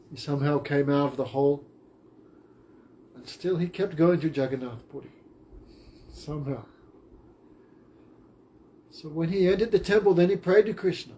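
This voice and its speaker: A man's voice: a little high, mellow, slight background noise. A man teaching a class, retelling a story in simple, short phrases.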